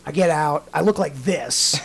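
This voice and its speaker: A man, likely in his late twenties, tells a story on a podcast he hosts, chatting casually, swearing freely and acting out animated voices for the people he quotes. His voice is fairly high with vocal fry and a moderate pace, over slight background noise.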